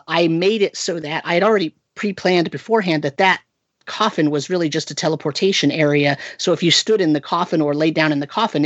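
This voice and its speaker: A game master chatting casually about a tabletop session. The voice sits at a middle pitch, and the talk rambles with restarts and tag questions. The recording sounds dull and lo-fi, with a dry, close room. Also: no room sound. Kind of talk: casual podcast chat.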